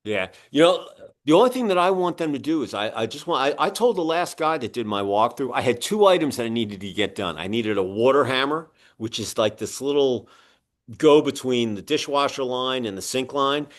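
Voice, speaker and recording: A man hosting an interview, chatting casually and telling animated stories. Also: medium pitch, normal speed. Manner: animated storyteller, acts out other people's voices. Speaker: podcast host and publisher.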